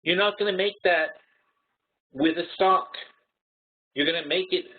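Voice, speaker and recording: A man's voice: high-pitched, a little slow. A man hosting a trading webinar, talking bluntly and working through numbers aloud with frequent restarts. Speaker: webinar host. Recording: tinny phone-like audio.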